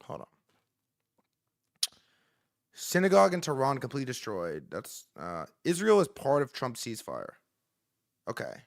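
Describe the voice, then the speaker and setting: A man hosting a live stream, reacting to news in excitable, profane commentary and repeating words in rapid bursts. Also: mid-range voice, gravelly, dry recording, clean studio sound. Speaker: livestream host.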